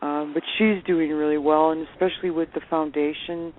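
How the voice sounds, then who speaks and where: A woman telling lively anecdotes as a phone-in guest, laughing often as she talks. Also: deep voice, moderate pace. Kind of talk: casual storytelling on a phone interview. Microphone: telephone. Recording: tinny phone line with faint hiss.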